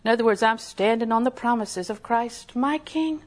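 A woman's voice: a little high, moderate pace. A woman preaching a sermon in a folksy, emphatic way, often putting questions to her listeners.

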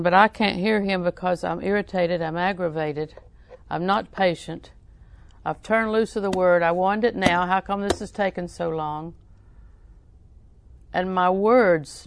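A woman's voice: medium pitch, gravelly, no room sound. A woman preaching a sermon, telling folksy stories with frequent laughs and repeating scripture lines for emphasis.

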